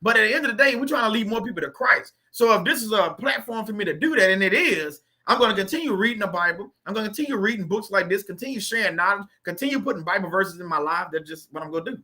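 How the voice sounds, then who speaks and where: Guy preaching to his channel, AAVE, high bright voice, talks to y'all like church. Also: animated. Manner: conversational preacher, repeats phrases, reads scripture slowly. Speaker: YouTube faith channel host. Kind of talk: informal preaching and scripture reading.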